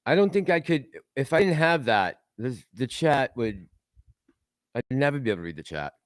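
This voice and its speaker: A man's voice: mid-range voice, big pitch swings, moderate pace, no room sound, studio quality. A man hosting a casual livestream, rambling and laughing as he reads out and answers chat messages. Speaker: livestream host reading chat.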